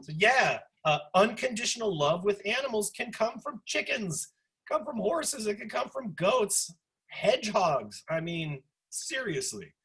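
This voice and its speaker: Forties man, instructor, bright and husky voice, lively asides, video call. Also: sits high, a little slow. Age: 40s. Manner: animated, chatty, lots of asides. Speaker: sociology instructor. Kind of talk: online class discussion lecture.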